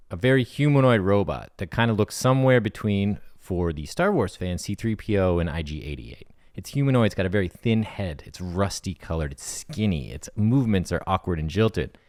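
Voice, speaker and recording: A man co-hosting an improvised comedy podcast, describing a scene in a relaxed, director-like way. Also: low-pitched, dry recording, clean studio sound. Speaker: co-host.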